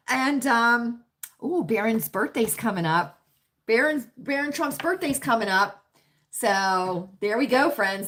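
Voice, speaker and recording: A woman's voice: a little high, sharp tone. A middle-aged woman hosting a casual livestream, chatting with viewers, calling them friends and honey and often asking "right?". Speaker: livestream host. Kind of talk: casual live chat with viewers.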